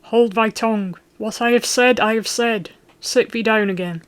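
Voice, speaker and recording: A blustering medieval lord, loud and gruff, who barks out his orders in old-fashioned speech, as an audiobook reader puts him on. He is a middle-aged man with a hot temper and a hearty, commanding sound. His voice sits a little higher and much louder than the storytelling. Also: steady tone, a little slow, close to an everyday voice. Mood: roaring. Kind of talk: audiobook character voice.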